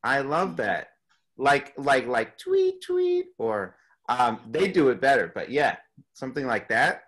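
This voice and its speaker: A man leading a beatboxing workshop over a video call, upbeat and playfully imitating animal sounds in a high voice. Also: animated, a little slow, fairly bright tone. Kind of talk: leading an online group session.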